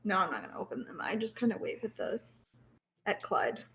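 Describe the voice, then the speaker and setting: Bright young woman player. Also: mid-range voice, big pitch swings, brisk. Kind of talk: casual tabletop play.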